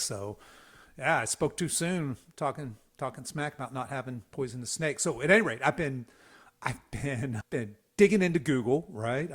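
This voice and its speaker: Animated man from the Southeastern US, telling a story. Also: medium pitch. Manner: animated, folksy, lots of restarts and laughs. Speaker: podcast host. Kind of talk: casual conversational storytelling.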